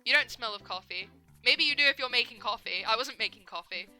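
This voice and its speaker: Young woman streamer, slightly high and sharply bright, casual profane venting over faint background music. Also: brisk. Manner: animated, profane ranting, self-mocking. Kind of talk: casual gameplay commentary.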